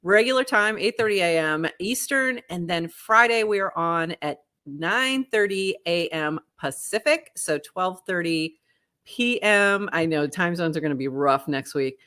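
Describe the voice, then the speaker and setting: A middle-aged woman from the Boston area, her Boston accent mostly softened, co-hosting a podcast in casual, laughing chat. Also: on the low side, unhurried. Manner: chatty, laughs often, animated. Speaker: podcast co-host.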